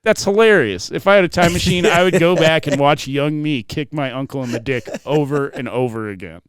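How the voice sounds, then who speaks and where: A man's voice: fairly high pitch, fairly quick, smooth, dry recording. A young man co-hosting a podcast, telling a childhood story in a laid-back, laughing, profane way. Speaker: podcast co-host. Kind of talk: casual chat.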